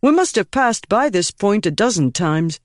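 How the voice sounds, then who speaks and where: A man voicing a brisk, matter-of-fact woman army scout in an audiobook. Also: medium pitch, sing-song, no room sound, studio quality, pitched above the performer's own voice, close to an everyday voice.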